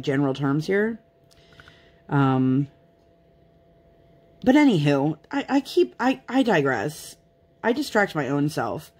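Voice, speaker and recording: A young mother who makes craft vlogs chats casually to camera in a lowish voice with a darkish tone. She rambles and pokes fun at herself while talking to her viewers.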